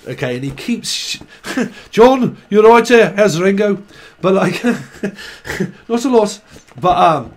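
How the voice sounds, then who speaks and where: Guy doing a tarot reading on camera, kinda high voice, rambly, laughs a lot, keeps slipping into singing. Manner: rambling, laughing, drifting into snatches of song. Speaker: tarot reader.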